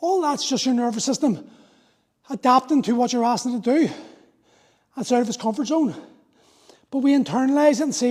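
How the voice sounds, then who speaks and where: A man's voice: extremely high pitch, expressive, brisk, pauses often, a little mellow. A man in his forties, a fitness coach talking through a live workout, explaining and motivating in an earnest way. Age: 40s.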